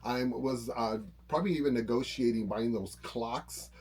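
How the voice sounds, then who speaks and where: A man's voice: medium pitch, normal speed, a little mellow, husky. A middle-aged man co-hosting a live doll-collecting stream, talking in an easygoing way with a lot of hesitant fillers. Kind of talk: casual live-stream chat.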